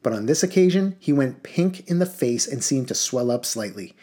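A man reading a children's novel aloud in a lively, expressive way. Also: medium pitch, moderate pace, hardly any pauses. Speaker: audiobook reader.

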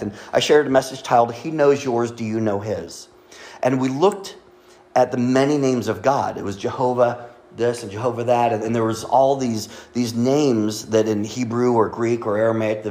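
A man preaching a sermon as pastor, chatty and joking, with asides to the congregation. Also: mid-range voice. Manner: joking, conversational, with audience asides.

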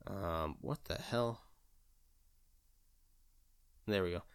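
A man chatting casually and rambling with excitement, full of fillers, repeats and casual swearing. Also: low-pitched, extremely slow, clear, resonant tone, dry recording. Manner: gushing with enthusiasm. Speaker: vlogger. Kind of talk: casual chat.

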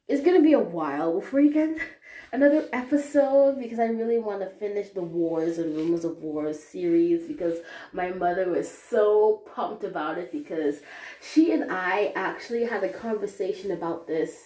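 A woman's voice: medium pitch, moderate pace. Young female podcast host, rambling casual update, recorded in an echoey room. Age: young adult. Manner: rambling, chatty and animated.

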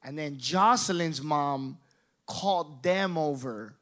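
Young male storyteller, slightly high voice, lively and profane, performs the other characters' lines. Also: takes it slowly. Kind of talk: storytelling monologue.

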